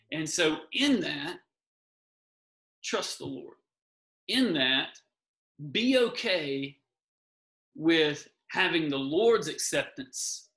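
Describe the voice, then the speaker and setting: Man, fairly high voice, bright and forceful, earnest encouraging guest, repeats key points. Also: poor audio. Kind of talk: earnest faith talk.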